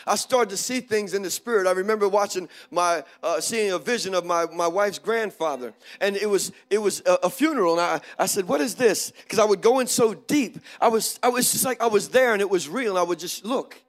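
High-voiced preacher man telling a story. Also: fairly quick, hardly any pauses. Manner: animated, swings from hushed to loud exclamations. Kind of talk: sermon storytelling.

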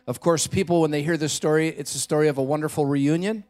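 A man preaching a Christmas Eve sermon in a church, telling a story with dramatic shifts between loud and hushed delivery. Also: a little high, steady tone, quick pace. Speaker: pastor.

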